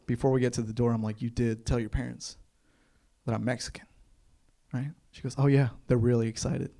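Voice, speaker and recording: A man's voice: mid-range voice, brisk, creaky. A young man from Kentucky performing a stand-up comedy set on a club stage, acting out the other people in his stories. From Kentucky, USA. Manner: animated storytelling, acts out voices of others. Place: comedy club stage before a live audience.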